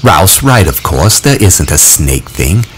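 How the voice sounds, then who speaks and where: A man's voice: sits low, big pitch swings, slow pace, slight background noise, heavily acted. A man voicing a bold, assertive boy eager to hunt, in a storybook reading.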